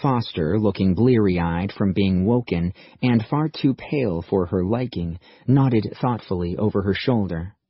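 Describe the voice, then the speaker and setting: Husky-voiced male audiobook narrator. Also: on the low side, measured pace, few pauses, no echo. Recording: muffled dull recording.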